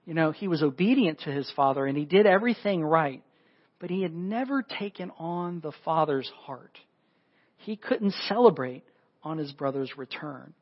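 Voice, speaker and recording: Animated husky male preacher. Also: normal speed, muffled recording. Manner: animated, acts out the scripture voices with big pitch jumps. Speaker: pastor. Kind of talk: sermon.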